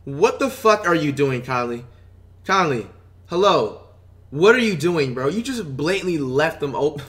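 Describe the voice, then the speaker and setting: A young man streaming his reactions to basketball highlights, loud and excitable, swearing and saying "bro" constantly. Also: normal speed. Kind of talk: hype reaction commentary.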